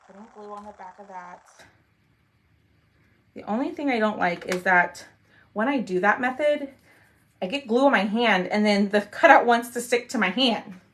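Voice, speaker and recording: A woman's voice: mid-range voice, normal speed, pauses often, a bit bright, slight background noise. A woman hosting a casual crafting livestream, chatting and greeting viewers by name.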